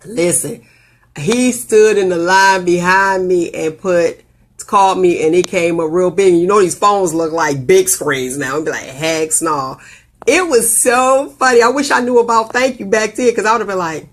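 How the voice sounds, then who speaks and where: A woman hosting a casual live video show, telling stories with animated, jumpy delivery and big leaps in pitch on quoted lines. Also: moderate pace. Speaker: host.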